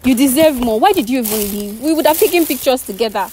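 A woman's voice: high voice, animated, quick pace, dark tone, a little hiss or hum, rough recording. Emotional pleading young woman. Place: outdoors at a block-making yard.

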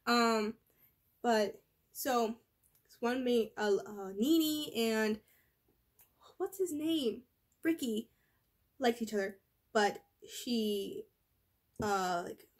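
A teenage girl rambling in a casual vlog, full of fillers and restarts, her voice worn from being sick. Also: fairly high pitch. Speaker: vlogger.

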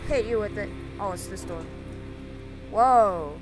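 A woman's voice: mid-range voice, takes it slowly, over music, low-quality recording. A woman commenting as she plays a game, jokey and nervous, often repeating herself. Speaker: gamer. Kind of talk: let's play commentary.

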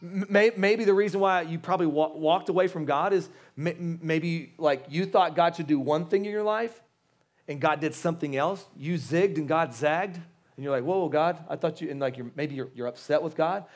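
Man, pastor, sermon, fairly high pitch, conversational, stammering restarts, pleading, joking asides. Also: normal speed. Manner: casual slang, joking asides.

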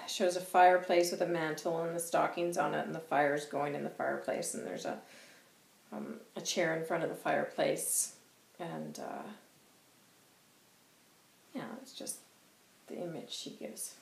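Lady doing a spiritual vlog, slow and kinda hesitant, gravelly voice, echoey. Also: deep voice, lively intonation, a little mellow. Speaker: intuitive reader, vlogger. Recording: echoey room.

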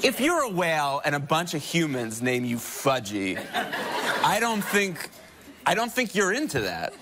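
A man's voice: on the high side, wildly swooping pitch, measured pace, background noise. A man co-hosting a talk show, trading playful, wry banter in casual chat before a studio audience.

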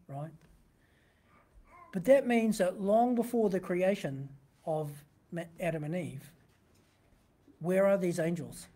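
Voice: mid-range voice, dark tone. A pastor giving a sermon, teaching conversationally from a printed text and often asking the listeners rhetorical questions.

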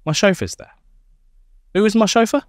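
A man's voice: normal speed, no room sound, studio quality. A young man, co-host of a podcast, spins a playful, comic made-up story in casual chat. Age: young adult. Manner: playful storytelling, lively swings in pitch.

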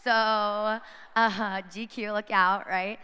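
A woman in her thirties gives a talk at a youth conference. She is chatty and playful and slips into girls' voices as she goes. Her voice is bright and very clear, with long reverb from the hall. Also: mid-range voice, flat delivery, slow. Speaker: conference speaker. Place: large hall with audience.

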